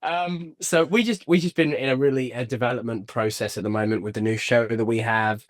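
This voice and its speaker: A man's voice: medium pitch, fairly even intonation, brisk. An English man chatting cheerfully on a video call as an interview guest, laughing often. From England. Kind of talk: casual interview chat.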